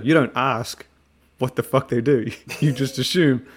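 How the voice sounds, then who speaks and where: A man's voice: mid-range voice, normal speed, husky. Australian man, jokey and swearing. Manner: swearing, jokey, acts out quotes. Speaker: podcast co-host. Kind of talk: casual podcast chat.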